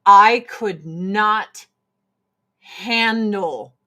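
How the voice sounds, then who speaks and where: A middle-aged woman hosting a show, chatting casually in an animated, profane, rambling way. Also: mid-range voice, extremely slow. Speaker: host. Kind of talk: casual chat.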